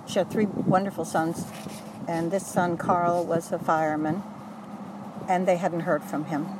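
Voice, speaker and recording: An older woman recounting memories in an earnest, halting way, often correcting herself mid-sentence. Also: lowish voice, flat delivery, far from the mic, heavy background noise. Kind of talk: oral history recollection.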